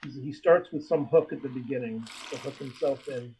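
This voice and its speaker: A man's voice: medium pitch, moderate pace, dark tone. A man co-hosting a casual podcast chat, reading a listener post aloud and chatting energetically. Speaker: podcast co-host. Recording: dull lo-fi line with faint hiss.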